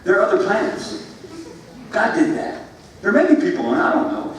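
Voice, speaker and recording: Animated man preaching in an echoey hall. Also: sits high, brisk. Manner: animated, repeats phrases, swings from loud to hushed. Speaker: youth pastor. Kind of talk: sermon to middle schoolers. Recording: echoey room from far off, faint ambient noise.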